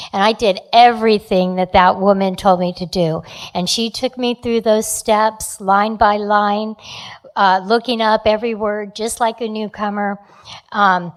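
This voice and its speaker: A woman in her fifties or sixties, from New Jersey, candidly telling her recovery story at a meeting, often pausing on fillers and restarting sentences. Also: medium pitch. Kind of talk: sharing a personal recovery story.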